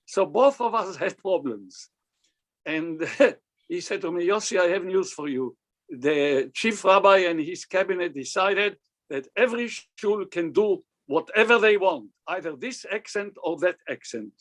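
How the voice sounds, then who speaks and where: Older guy cantor swapping stories, slightly high voice, does all the voices in his tales. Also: measured pace. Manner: animated, acts out quoted dialogue. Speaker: cantor, interviewee. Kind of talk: anecdotal storytelling.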